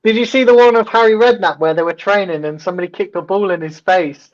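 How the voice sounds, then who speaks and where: A man hosting a casual football watch-along, telling stories in a rambling, halting way with many ums and restarts. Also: high voice, dull audio. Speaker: host.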